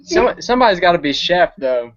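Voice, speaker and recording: A man chatting in a relaxed, slangy way on a group voice chat. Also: high-pitched, a little fast, dull audio. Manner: laid-back, slangy, says man and dude a lot.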